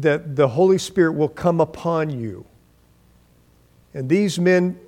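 A man preaching a sermon, reading scripture and acting out voices with animated delivery and frequent restarts. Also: a little high. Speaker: pastor.

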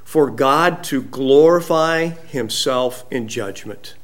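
A male pastor preaching a sermon to his congregation, slow and deliberate, rising in emphasis as he reads scripture. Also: medium pitch.

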